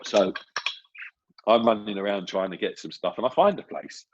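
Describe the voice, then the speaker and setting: Guy spinning film set stories, kinda husky, dull lo-fi sound. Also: fairly low pitch, normal speed. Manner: animated anecdotes, chatty with fillers. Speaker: film first assistant director, guest. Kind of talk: casual podcast storytelling. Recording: dull lo-fi audio.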